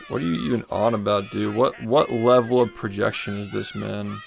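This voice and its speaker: A young male streamer rants at his chat, sarcastic and profane, mocking as he goes. His low voice is gravelly and fairly flat, with game music playing clearly behind. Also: measured pace. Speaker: livestreamer. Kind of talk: ranting at chat on a live stream.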